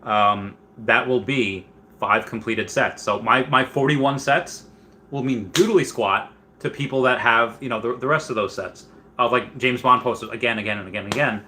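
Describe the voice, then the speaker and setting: A man hosting a casual livestream who rambles on, reads viewer comments aloud and breaks into loud, excited bursts. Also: mid-range voice, moderate pace, a little hiss or hum. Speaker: livestream host.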